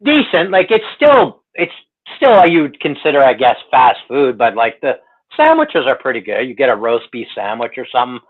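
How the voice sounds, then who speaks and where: A man from Canada, chatting casually in a relaxed, easygoing way. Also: mid-range voice, moderate pace. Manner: relaxed, easygoing, lots of fillers. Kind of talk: casual chat. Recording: tinny phone line.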